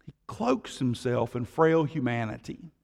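A man preaching a sermon as pastor, swinging from loud declarations to hushed tones, with conversational asides to the congregation. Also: mid-range voice, sing-song, a little slow, vocal fry, long reverb tail.

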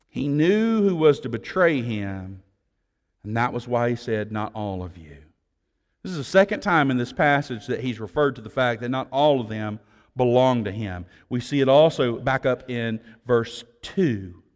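A pastor preaches a sermon in a mid-range voice, his delivery swinging between loud declarations and hushed tones. He throws in conversational asides to the congregation, and the recording carries a long reverb tail.

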